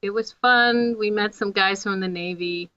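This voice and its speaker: A woman's voice: mid-range voice, normal speed, bright, forceful tone, smooth, lo-fi sound. A woman guest on a podcast, answering in short, shy replies during casual chat.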